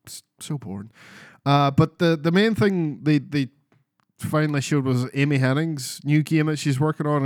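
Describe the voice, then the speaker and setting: On a clean studio recording with no room sound, a man with a mid-range voice co-hosts a podcast about video games. His talk is casual and rambling, sweary, and full of restarts.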